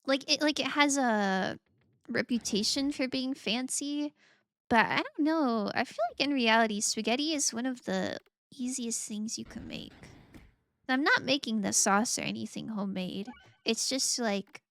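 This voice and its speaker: A woman's voice: on the high side, a little slow, a bit bright, no room sound, clean studio sound. A woman streamer chatting casually and playfully while gaming, rambling, giggling and reading out chat messages.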